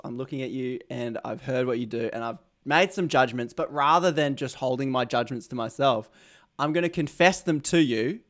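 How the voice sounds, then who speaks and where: A man's voice: mid-range voice, fairly bright tone. A young Australian man hosting an interview podcast, rambling and joking at his own expense. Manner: rambling, self-mocking, jokey asides. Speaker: podcast host. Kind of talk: casual interview chat.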